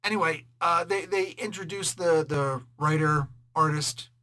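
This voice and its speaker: A man hosting a casual comic book review, jokey and animated, laughing often and slipping into quick voices to quote characters. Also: a little high.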